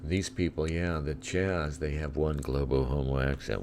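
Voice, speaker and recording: A man's voice: very deep voice, flat delivery, moderate pace, darkish tone, slight background noise. A middle-aged man from Southern California hosting a livestream, giving sardonic, crude commentary over live feeds. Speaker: livestream host.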